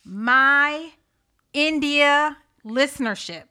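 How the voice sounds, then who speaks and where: A woman's voice: high-pitched, drawn-out words, pushed and bright. A woman hosting a podcast in casual chat, upbeat and chatty, eagerly asking her listeners to reach out. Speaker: podcast host.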